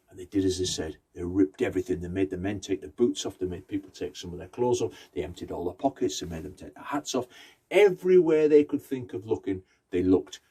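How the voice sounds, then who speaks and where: Male folk-tale teller, conversational delivery, asks the audience questions, warm dark tone. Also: low voice, slightly rough. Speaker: storyteller. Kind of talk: oral folk-tale storytelling.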